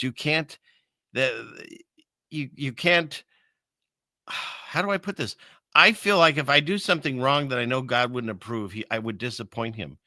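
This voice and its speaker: A male host speaks earnestly on a casual online show, often stopping and restarting. His voice is bright and forceful. The recording is dry, with no room sound. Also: medium pitch, dry recording. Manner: earnest, halting, faith-focused talk.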